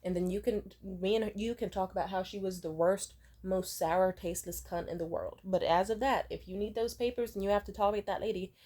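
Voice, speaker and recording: Give me a blunt young woman in her twenties, swearing freely, at a middle pitch, telling a story. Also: fairly quick, few pauses. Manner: blunt, profane, lively swings in pitch and loudness. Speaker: vlogger. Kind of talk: casual storytime monologue.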